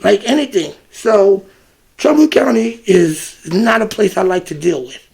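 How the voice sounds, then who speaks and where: High, gravelly man telling a story. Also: measured pace. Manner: animated, reenacts exchanges, scat fillers like "da, da, da". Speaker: vlogger. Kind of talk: casual storytelling monologue.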